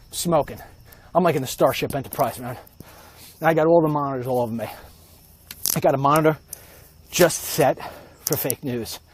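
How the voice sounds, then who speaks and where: A man with a mid-range voice delivers a comedic walk-and-talk monologue outdoors at night, rambling and sarcastic as the host. A little hiss or hum sits under the recording.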